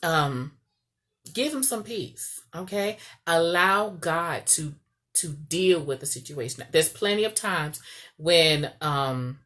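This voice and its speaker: A woman's voice: deep voice, expressive, takes it slowly, a bit bright. A woman giving casual marriage advice as a coach, chatty and often checking in with "okay?". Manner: chatty, repeats "okay?" to the viewer.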